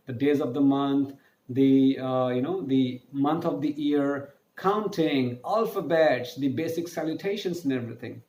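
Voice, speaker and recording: A man with a fairly high voice teaching a French class in a video lecture. He talks straight to his students and repeats the key words. The sound bounces around an echoey room. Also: a little mellow.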